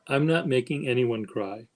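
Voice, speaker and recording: A man hosting a casual stream chat, speaking slowly and haltingly in a flat, even tone. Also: mid-range voice, rough recording. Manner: slow, halting, self-described monotone. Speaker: stream host.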